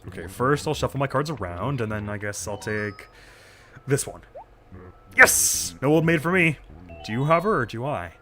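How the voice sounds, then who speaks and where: A man's voice: medium pitch, lively intonation, moderate pace, pushed and bright, soft background music. A man doing a brash koala camper. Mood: gloating. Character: brash male koala camper who says mate.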